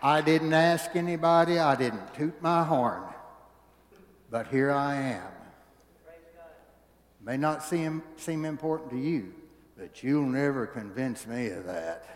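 A man preaching a sermon in a church, telling folksy stories and swinging from hushed asides to booming exclamations. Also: slow, long pauses. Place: church sanctuary. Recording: church hall reverb.

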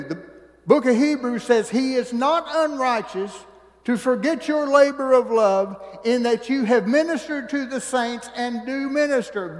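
A high-pitched male preacher delivers a sermon in folksy storytelling fashion. He drops to hushed asides and then rises to booming exclamations. His voice rings with the long reverb of a church hall. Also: expressive, a little slow. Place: church sanctuary.

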